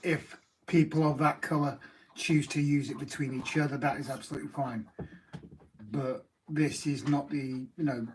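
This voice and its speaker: A man co-hosting a casual live stream, chiming in with relaxed short remarks. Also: fairly high pitch, moderate pace, slight background noise.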